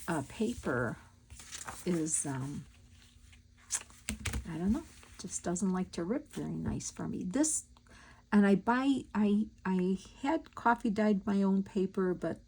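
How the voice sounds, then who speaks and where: A woman's voice: medium pitch, a little slow, warm tone, slight background noise. A woman hosting a crafting video, chatting casually and telling stories while she works. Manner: chatty, storytelling, thinks aloud while working. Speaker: crafting channel host.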